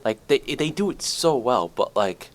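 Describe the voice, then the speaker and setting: Give me a chatty teen guy with a very lively voice, tripping over his words. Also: medium pitch, a little slow, slight background noise. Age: teens. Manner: rambling, many likes and restarts. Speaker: podcast host. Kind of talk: casual chat.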